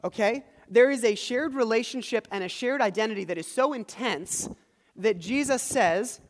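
High-voiced pastor preaching in a reverberant hall. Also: male voice, moderate pace. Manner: conversational, retelling scripture with asides and quoted voices. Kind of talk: sermon. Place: church hall. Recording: large hall with long reverb.

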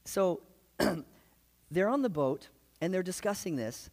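Male preacher, sermon, lively conversational storytelling, slightly raised pitch, long hall reverb. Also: takes it slowly. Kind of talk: sermon retelling gospel stories.

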